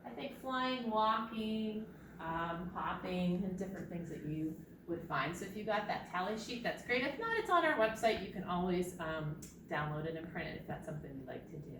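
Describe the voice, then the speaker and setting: A woman's voice: fairly low pitch, expressive, normal speed, a little hiss or hum. Sing-song woman leading preschool storytime. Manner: sing-song, leads children in bird sounds and movements. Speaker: children's librarian. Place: library. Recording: echoey room, distant mic, faint ambience.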